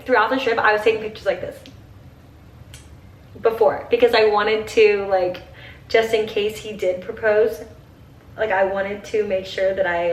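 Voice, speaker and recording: A woman's voice: medium pitch, echoey room, far from the mic, slight background noise. A young woman in her twenties chatting while getting ready, gushing and saying "like" constantly, teary at times. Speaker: vlogger. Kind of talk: get-ready-with-me chat.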